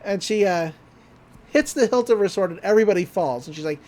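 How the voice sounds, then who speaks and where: A woman's voice: medium pitch, expressive, brisk, a little mellow. Chatty woman laughing through an anime recap. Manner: laughs often, loose and chatty, retells scenes with quoted lines. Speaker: podcast co-host. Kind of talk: casual anime episode recap.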